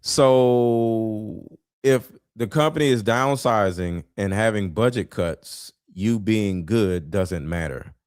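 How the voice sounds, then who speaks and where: A man giving blunt, preachy reaction commentary, swearing and sometimes shouting. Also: fairly low pitch, slow pace, clear, resonant tone, no echo, studio quality. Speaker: commentary vlogger reacting to clips.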